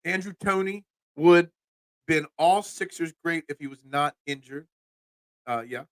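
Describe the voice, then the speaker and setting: Animated Philadelphia-accented young man. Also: a little high, measured pace, no room sound, clean studio sound. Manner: animated, repeats himself when riled. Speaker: podcast host. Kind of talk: casual sports talk.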